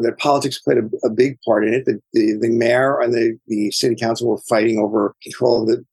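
A man's voice: mid-range voice, creaky, a little mellow, husky, no echo, low-quality recording. A man answering interview questions as an author guest, speaking in a thoughtful, digressive storytelling way.

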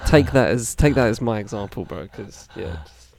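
A man's voice: lowish voice, lively intonation, normal speed, darkish tone, a little hiss or hum. A man co-hosting a music podcast, rambling with lots of fillers and joking exasperation. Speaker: podcast co-host. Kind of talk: casual chat about music.

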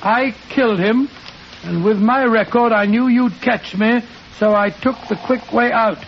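An actor playing an earnest, easily startled doctor companion in a vintage radio drama, speaking eagerly with exclamations. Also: male voice, extremely high pitch, measured pace. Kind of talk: 1940s radio acting. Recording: muffled old radio broadcast with faint hiss.

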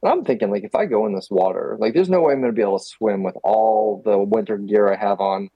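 A man's voice: fairly low pitch, fast, breathy edge, no room sound, highs cut off. A man from Texas, a guest photographer, telling a story in casual chat with lots of fillers and laughs. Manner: animated, laughing, many fillers.

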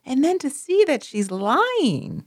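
Animated woman with a lively voice. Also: high voice, takes it slowly, dry recording, clean studio sound. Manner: expressive, animated storytelling with vivid voiced examples. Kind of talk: casual chat.

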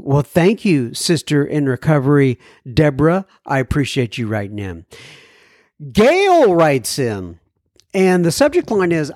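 A man's voice: on the high side, very animated, a little slow, darkish tone, dry recording, studio quality. A man hosting a recovery podcast, casually reading listener mail aloud with rambling asides, fillers and little self-deprecating jokes. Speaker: podcast host.

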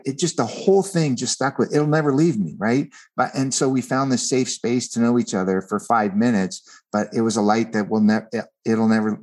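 A man's voice: fairly low pitch, a little mellow. A man, a guest and author, telling a personal story in an earnest conversational way, often repeating words as he starts a thought.

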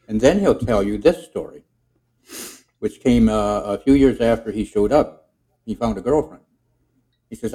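A man chatting casually on a podcast in a rambling, halting way as he introduces his character voices. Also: on the low side, mellow, breathy edge, low-quality recording. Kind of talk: casual chat.

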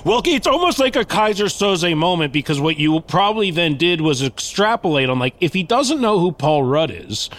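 A man speaks in a fairly high voice with a lively pitch. He chats casually and reacts to a story with quick jokes. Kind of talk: casual chat.

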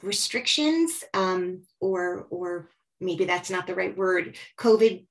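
A woman's voice: lowish voice, lively intonation, slow pace, low-quality recording. Chatty woman podcast host. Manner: chatty, rambling questions. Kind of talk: casual interview chat.

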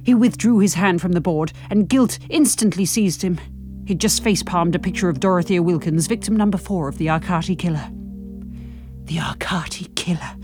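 A woman's voice: fairly low pitch, brisk, faint music behind. A woman co-hosting a comedy podcast, reading a story aloud and bantering playfully. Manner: playful, expressive. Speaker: podcast co-host and reader.

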